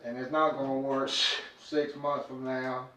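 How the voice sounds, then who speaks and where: A man's voice: medium pitch, level tone, unhurried, fairly bright tone. A man joining a police interrogation as a second interrogator, with curt, impatient interjections. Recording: echoey, muffled room recording from a distant mic.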